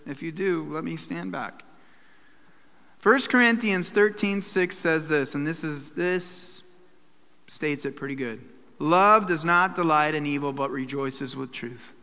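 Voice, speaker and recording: A man preaches to his church in a high, bright voice, and the sound rings in a hall with a long echo. He breaks into little acted asides and quoted voices as he teaches. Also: clear, resonant tone. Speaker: pastor. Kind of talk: sermon.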